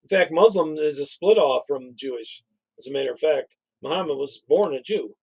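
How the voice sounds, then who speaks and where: A man's voice: fairly high pitch, brisk, darkish tone, slightly rough, low-quality recording. A man co-hosting a casual political commentary stream, talking in a blunt, opinionated, conversational way.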